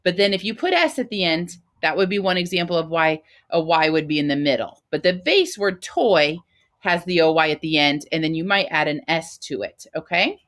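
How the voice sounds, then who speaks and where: A woman teacher giving a phonics lesson to first graders, talking slowly and patiently in a sing-song teacher voice. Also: sits low, lively intonation, fairly bright tone. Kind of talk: phonics lesson for young children.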